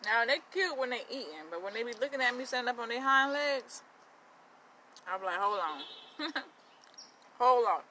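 A woman's voice: on the high side, fairly quick, slight background noise, poor audio. Blunt, profane young woman vlogger. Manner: blunt, profane, animated, addresses viewers directly. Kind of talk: blunt casual rant. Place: outdoors, eating.

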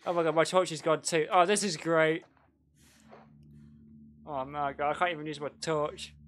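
A man talks his way through a video game stream in a loose, chatty manner. His voice sits a bit high for a man, and he laughs easily and reacts loudly to surprises. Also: normal speed, slight background noise. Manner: excitable, chatty, laughs often, mild slang. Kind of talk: casual game-stream commentary.

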